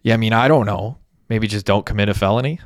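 A man's voice: on the low side, quick pace, no echo, studio quality, close to an everyday voice. A man voicing a blunt, swearing young clerk. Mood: exasperated. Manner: exasperated, swearing. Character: young male store clerk, rattled and blunt.

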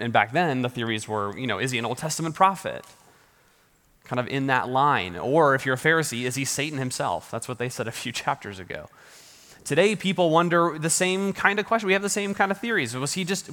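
A man's voice: medium pitch, fairly bright tone. Man preaching in a reverberant hall. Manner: conversational preaching with frequent restarts and light laughs. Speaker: pastor. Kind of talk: sermon.

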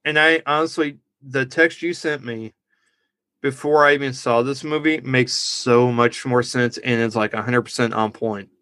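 Casual podcaster, male, bright and forceful delivery, dry close mic, giggles through his own stories. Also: medium pitch, moderate pace, no echo. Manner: laughs at his own jokes, rambling. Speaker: podcast co-host. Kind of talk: casual movie review chat.

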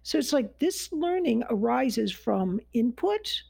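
Talking slowly but very animatedly, a US woman who is a neuroscience guest expert explains how learning works in a chatty, rambling way with many restarts and fillers. Her voice is a little high, gravelly, husky and a little mellow. The recording has no room sound but is low quality.

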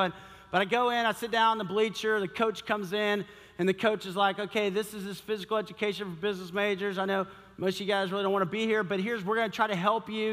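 A high-pitched man preaching in a large, echoing hall, bright and forceful. He tells a comic personal story as a sermon and acts out his own thoughts with animated swings. The long reverb of the room hangs on every phrase. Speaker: pastor.

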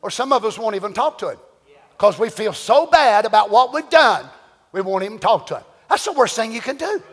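A man preaching a sermon to a church congregation, animated and firing rhetorical questions. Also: high-pitched, fairly quick. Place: church sanctuary. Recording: long church-hall reverb.

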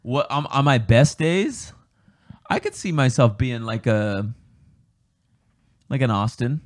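A young man co-hosting a casual podcast chat, joking and swearing, getting excitable. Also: medium pitch, slow pace. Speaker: podcast co-host.

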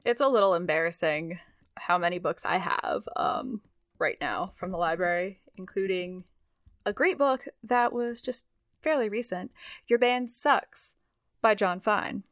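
A woman's voice: mid-range voice, measured pace, fairly bright tone, dry recording, clean studio sound. A young woman co-hosting a podcast in casual chat, self-deprecating and prone to restarting her sentences. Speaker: podcast co-host.

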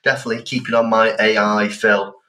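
A man's voice: lowish voice, little pitch movement, fairly quick, bright, forceful tone. A man co-hosting a podcast, chatting in a jokey, self-deprecating way. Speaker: podcast co-host. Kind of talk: casual chat.

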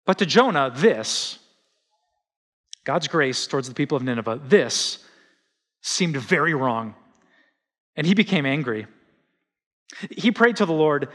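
A middle-aged man preaching a sermon as pastor, animated and conversational, often acting out quotes. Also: a little high, measured pace, pauses often. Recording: reverberant hall.

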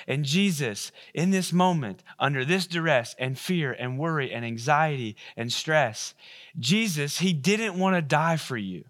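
A man's voice: on the high side, animated, a little slow, a bit bright. A male pastor preaching a sermon in a casual, conversational way, with many fillers and repeated words.

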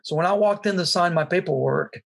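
Earnest husky man telling his story. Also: high-pitched. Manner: earnest, halting storyteller with many restarts. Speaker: guest sharing his testimony. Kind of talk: personal storytelling.

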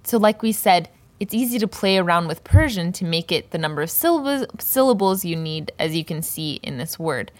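A woman teaching a language lesson, explaining a poem's words slowly and carefully and repeating each term for learners. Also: fairly low pitch, expressive, dry recording. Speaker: Persian language and poetry teacher.

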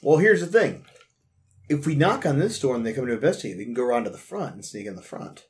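A man's voice: medium pitch, expressive, fast talker, a little mellow. Player, man, mid-range voice, playful joker. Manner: joking, playful. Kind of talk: casual chat.

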